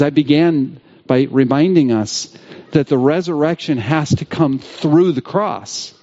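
A man preaching a sermon in a church, stressing key phrases by repeating them slowly. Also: on the high side, mellow, dull audio. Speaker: pastor. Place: church sanctuary.

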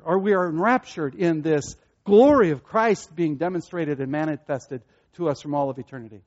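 Man, sermon, earnest, rising to excited bursts, somewhat high voice, dull lo-fi recording. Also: moderate pace. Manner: earnest, repeats himself, builds to excited peaks. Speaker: pastor.

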